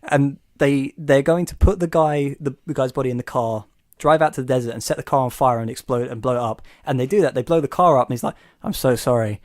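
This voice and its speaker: A man's voice: mid-range voice, fast talker, darkish tone, no echo, clean studio sound. A man hosting a podcast in casual chat, an enthusiastic and rambling storyteller. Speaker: podcast host.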